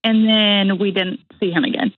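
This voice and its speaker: A woman's voice: medium pitch, steady tone, moderate pace, no echo, narrow, tinny audio. A young woman from Indiana calls in to an advice show, speaking earnestly and hesitantly with many fillers. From Indiana, USA. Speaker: caller. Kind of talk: phone-in conversation.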